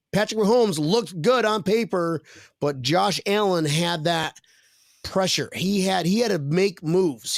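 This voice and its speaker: A man's voice: a little high, creaky, no echo. Jokey man hosting a podcast, dry sound. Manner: jokey, rambling, reads viewer comments aloud. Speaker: podcast host. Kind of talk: casual chat.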